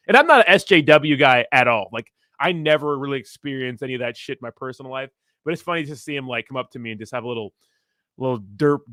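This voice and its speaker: A man's voice: medium pitch, fairly bright tone, no room sound, studio quality. A young man hosting a crypto livestream in casual, rambling, profane chat, reading viewer messages aloud.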